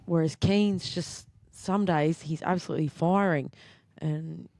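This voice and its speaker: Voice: medium pitch, steady tone, unhurried, gravelly, darkish tone, no echo. Aussie guest chatting footy on a podcast, laughs a lot, dry mic. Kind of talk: casual podcast chat.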